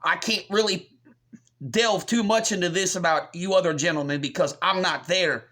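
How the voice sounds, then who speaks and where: A man's voice: high-pitched, moderate pace, sharp tone. A man from the United States delivers a combative rant to his channel's viewers, packed with swearing. He sounds scornful and confrontational the whole way through. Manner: combative, profane, scornful ranting. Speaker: channel host. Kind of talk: ranting commentary.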